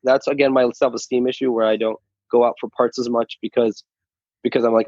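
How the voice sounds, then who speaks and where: A man's voice: mid-range voice, level tone, a little fast, darkish tone, no room sound. A man, a stand-up comedian guest, chatting casually in an interview, stammering and restarting often and swearing freely. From Saudi Arabia then the U.S. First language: Arabic. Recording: dull, lo-fi sound.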